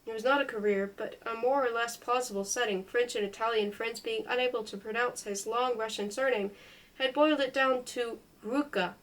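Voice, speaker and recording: Woman, fairly high voice, reading a memoir aloud, careful delivery, trips over hard names. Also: steady tone, moderate pace, rough recording. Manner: careful, stumbling now and then over foreign names. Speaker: reader. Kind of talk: unhurried audiobook-style reading of a memoir.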